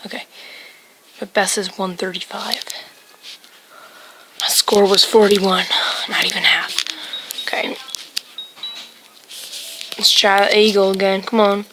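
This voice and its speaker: A woman's voice: medium pitch, little pitch movement, slow, long pauses, a bit bright, slight background noise, poor audio. Woman cheering on a game bird. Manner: playful, talks to the game birds, cheering and scolding. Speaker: gamer playing a mobile bird game. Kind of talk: casual gameplay commentary.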